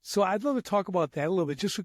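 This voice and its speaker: A man's voice: high voice, expressive, racing, dry recording. A man in his sixties hosting a podcast interview, telling rambling anecdotes in casual chat. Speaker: podcast host.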